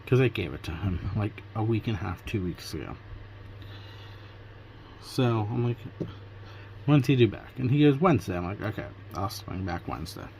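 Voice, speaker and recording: A man's voice: on the low side, lively intonation, normal speed, gravelly, pauses often, darkish tone, slight background noise. Chatty man retelling his day. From Pennsylvania, USA. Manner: retells his day in quoted back-and-forth dialogue. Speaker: vlogger. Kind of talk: casual storytelling vlog.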